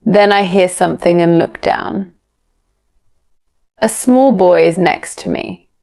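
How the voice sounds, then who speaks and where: Slow, creaky-voiced woman narrating. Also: on the low side, darkish tone. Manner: clear, careful, evenly paced reading. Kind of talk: slow scripted storybook narration for English learners.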